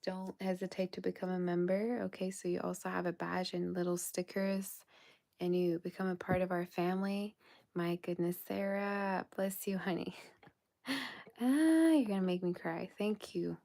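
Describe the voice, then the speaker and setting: A woman hosting a tarot livestream, winding down late at night in a soft, affectionate tone that often drops to a whisper. She sounds tired. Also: on the low side, steady tone, normal speed, vocal fry. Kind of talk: casual livestream sign-off chat.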